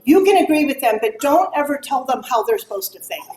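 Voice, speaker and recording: A woman's voice: high voice, fairly quick. A middle-aged woman speaking candidly about grief to a group of mothers, acting out the remarks people made to her. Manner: candid, animated, acts out quoted remarks. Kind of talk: talk to a moms' group. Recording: echoey room with faint ambience.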